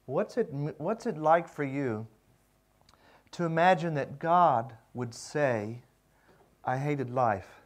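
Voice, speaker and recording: A man teaching a seminary class on pastoral care, reflective and unhurried, with many pauses. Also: on the high side, animated. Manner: slow, reflective, with pauses and fillers. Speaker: seminary lecturer. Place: lecture room.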